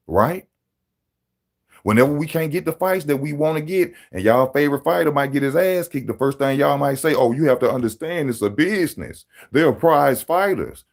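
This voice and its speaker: Male stream host, brash boxing banter, mid-pitched voice, addresses chat directly. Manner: loud street-style banter, mocking, talks straight to viewers. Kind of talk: live-stream boxing commentary.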